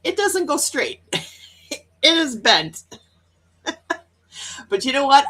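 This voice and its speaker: A woman's voice: high voice, wildly swooping pitch, unhurried, long pauses, bright, forceful tone, slight background noise. A woman from Wisconsin, hosting a casual morning livestream and chatting upbeat with her viewers. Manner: chatty, upbeat, with frequent laughs. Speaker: livestream host reading chat.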